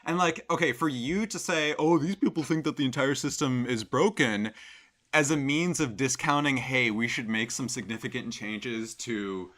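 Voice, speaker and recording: Man, live streamer, sarcastic reaction commentary, bright tone, rambling, mocking. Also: mid-range voice, moderate pace.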